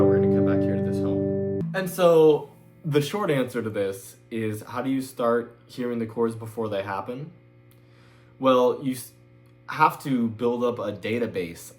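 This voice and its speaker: A man giving a casual guitar lesson in a loose, chatty way, sometimes singing the chord numbers. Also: mid-range voice. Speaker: music teacher. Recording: loud guitar playing behind the voice.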